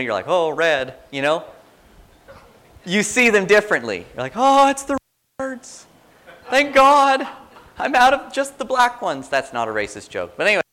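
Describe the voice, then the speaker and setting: In a relaxed, conversational manner, a man delivers a sermon to his congregation at an ordinary middle pitch. He drifts into quoted prayers and small acted-out reactions.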